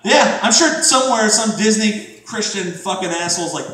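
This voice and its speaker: A middle-aged man performing a crude stand-up comedy set, jumping into shouted high-pitched impressions. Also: moderate pace, far from the mic. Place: comedy club stage. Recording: very echoey room from afar, faint noise.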